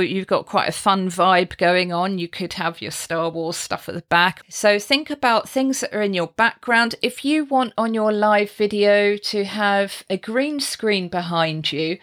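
British woman from the UK, podcast coach; measured pace, chatty and encouraging. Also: medium pitch, fairly bright tone. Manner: chatty, encouraging, giving practical tips. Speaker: podcast host and branding coach. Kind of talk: relaxed solo podcast teaching.

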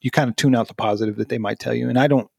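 A man's voice: medium pitch, steady tone, rapid-fire, vocal fry, a little mellow, slightly rough, dry recording, clean studio sound. A middle-aged man, a podcast co-host, telling candid personal stories in an earnest, self-deprecating way and laughing through them.

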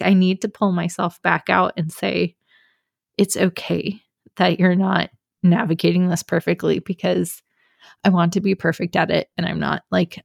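Candid woman with a gravelly edge. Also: lowish voice, a little mellow, no room sound, studio quality. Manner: candid, confessional, many fillers. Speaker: podcast host. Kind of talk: personal solo podcast talk.

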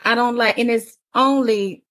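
A woman in her forties telling stories in a casual chat, animated and often laughing. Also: a little high, measured pace. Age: 40s. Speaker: panelist.

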